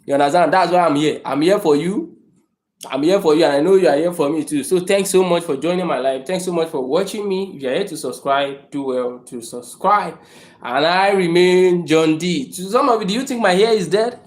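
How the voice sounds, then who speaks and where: A man's voice: fairly high pitch, normal speed, reverberant. A man hosting a motivational livestream, emphatic and repetitive, talking in a room. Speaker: livestream host. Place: room indoors.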